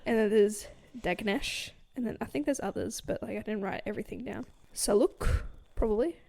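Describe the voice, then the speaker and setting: A woman's voice: medium pitch, moderate pace, creaky, warm tone. A young woman co-hosting a book podcast, recapping a novel in casual chat with lots of fillers and frequent laughs. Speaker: podcast co-host.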